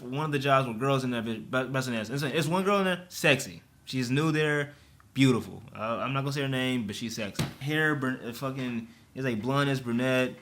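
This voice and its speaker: A man's voice: mid-range voice, sharp tone. A young man telling a storytime rant in a casual, profane, slangy way. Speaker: vlogger.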